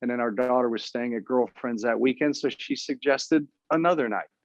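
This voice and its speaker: A man in his fifties, an author, telling his story in an interview in an earnest, halting way with many restarts. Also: mid-range voice, no echo, dull audio.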